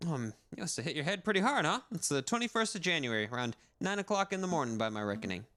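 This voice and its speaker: A man's voice: fairly high pitch, very animated, fast talker, fairly bright tone, faint music behind. A man voicing a chatty, easygoing middle-aged fisherman.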